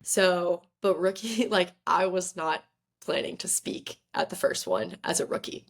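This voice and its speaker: A young woman, a podcast guest, telling a story in lively, chatty conversation and often saying "like". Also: lowish voice, unhurried. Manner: lively, chatty, fills talk with "like". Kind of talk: casual storytelling interview.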